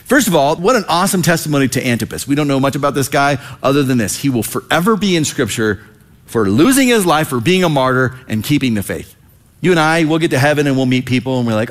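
Animated male preacher, lively pitch. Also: a little fast. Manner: animated, acts out quoted voices. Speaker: pastor. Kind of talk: sermon.

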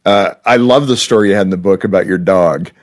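A man in his sixties hosting a conversation, asking questions and making playful, animated asides. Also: deep voice, fast talker. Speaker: host. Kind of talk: conversational radio interview.

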